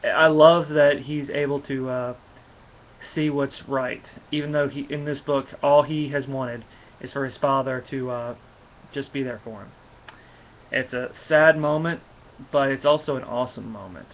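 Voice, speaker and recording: A man's voice: mid-range voice, steady tone, a little slow, slight background noise. A man giving a casual, rambling comic book review, full of fillers and restarts. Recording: dull lo-fi recording.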